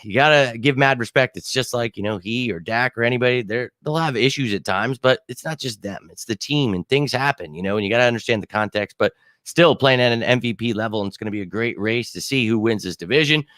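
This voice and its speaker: Excitable man in his thirties hosting a sports stream. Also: mid-range voice, fast, dry recording, studio quality. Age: 30s. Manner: excitable, swears freely, many fillers. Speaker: sports show host. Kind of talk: casual live-stream chat.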